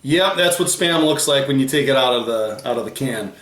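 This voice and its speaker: A man hosting a food tasting video, chatting casually while he explains facts read off the packaging. His voice sits at an ordinary middle pitch. The room around him is echoey. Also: expressive, a little fast, a bit bright. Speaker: host of a food challenge channel. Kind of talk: casual chat.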